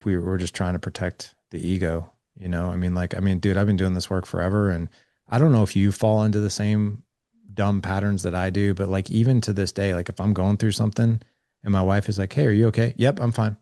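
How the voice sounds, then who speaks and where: A man's voice: sits low, little pitch movement, a little fast, dark tone, no room sound, studio quality. A man in his forties, a podcast guest, earnestly recounting a talk with his son and acting out both sides of the conversation. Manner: earnest, acts out quoted dialogue with his son. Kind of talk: candid conversational storytelling.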